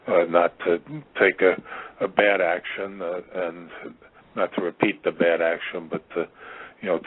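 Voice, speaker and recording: A man calling in to a radio show, talking earnestly and pausing on fillers. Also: low voice. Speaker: caller. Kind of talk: call-in radio talk. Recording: tinny phone line.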